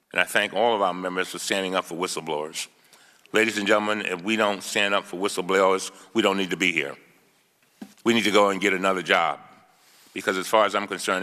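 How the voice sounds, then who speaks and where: A man's voice: low-pitched, pushed and bright, long reverb tail. A man, a congressman, giving an emphatic formal statement at a hearing, reading quoted testimony aloud and stressing key words. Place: large congressional hearing room.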